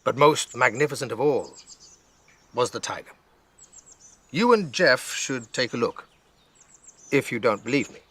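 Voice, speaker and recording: A man voicing a gentle, playful grandmother who speaks in a calm, teasing way. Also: medium pitch, measured pace, pauses often, slightly rough, no room sound.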